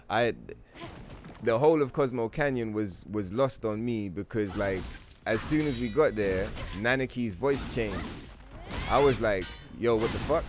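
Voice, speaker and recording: A man livestreaming a game, talking to his chat in a rambling, profane, animated way. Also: lowish voice. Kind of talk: casual gaming stream chat.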